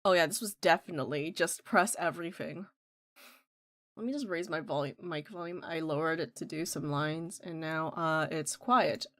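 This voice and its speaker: A woman's voice: deep voice, moderate pace, fairly bright tone, a little hiss or hum. A woman streamer giving casual, self-deprecating commentary while playing a game, swearing freely.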